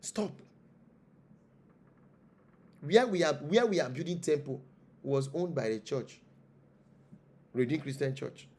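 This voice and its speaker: A man's voice: fairly high pitch, moderate pace, a little mellow. A man with a Nigerian accent, a traditional spiritual leader speaking as an interview guest, preaching with rhetorical questions and repeated phrases. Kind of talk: impassioned interview monologue.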